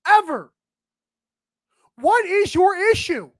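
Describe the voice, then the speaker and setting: Male solo podcast host with a high-pitched voice; emphatic, sarcastic ranting. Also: big pitch swings, takes it slowly, a bit bright. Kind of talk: solo sports podcast commentary.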